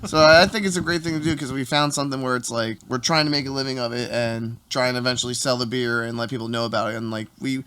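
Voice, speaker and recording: A man's voice: medium pitch, fairly even intonation, fairly bright tone, clear, resonant tone. A man hosting a casual podcast, chiming in and earnestly explaining his home brewing plans. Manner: quick, earnest, affirming interjections. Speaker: podcast host, homebrewer.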